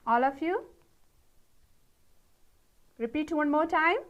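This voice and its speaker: A woman teacher with a Nepali accent leading a pronunciation lesson, modelling each word slowly and praising her pupils. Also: sits high, fairly bright tone. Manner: slow, drawn-out model words with encouraging praise. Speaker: English teacher.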